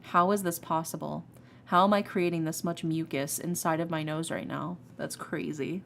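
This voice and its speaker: A woman's voice: sits low, fairly even intonation, moderate pace, vocal fry, a little hiss or hum. A young woman streaming a visual novel, reading its text aloud and breaking off with giggly, joking asides, her nose stuffy. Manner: giggly, joking asides between narrated passages. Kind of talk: reading game text aloud with casual commentary. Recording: faint game music behind.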